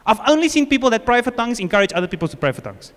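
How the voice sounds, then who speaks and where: A South African man preaching in a relaxed, joking way, acting out the things people say. His voice sits high and swings widely in pitch. The sound carries the long reverb of a church hall. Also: rapid-fire. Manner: informal, joking, acts out quotes. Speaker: pastor. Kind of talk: conversational sermon.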